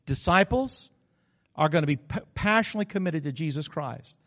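A middle-aged male pastor preaches with animated energy and sudden loud bursts. His voice sits a bit high for a man. It rings through a long hall reverb on a dull, muffled recording. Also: brisk. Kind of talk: sermon.

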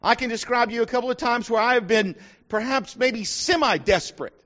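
A man's voice: very high-pitched, fairly quick, fairly bright tone. Man, middle-aged, folksy preacher, acts out quotes, muffled lo-fi sound. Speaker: pastor. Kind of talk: sermon with personal story. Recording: dull lo-fi sound.

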